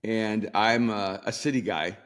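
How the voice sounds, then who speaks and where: Low-voiced older man telling stories. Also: steady tone, measured pace. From El Salvador. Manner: warm storyteller, laughs often, many ums and restarts. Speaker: pastor and author. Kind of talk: storytelling in a sit-down interview.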